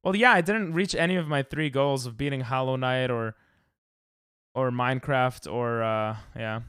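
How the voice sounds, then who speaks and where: A young man streaming a game, chatting casually with viewers and yelping loudly when he loses. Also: mid-range voice, normal speed, clean tone, no echo, studio quality. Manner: rambling, loud yelps when dying in game. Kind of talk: casual live-stream chat while gaming.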